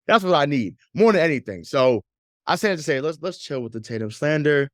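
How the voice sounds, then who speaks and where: This sports podcast host has an expressive, fairly bright voice on the high side and speaks at a moderate pace, recorded in a studio with no echo. His casual chat is loose and profane, with frequent laughter and words repeated as he gets going.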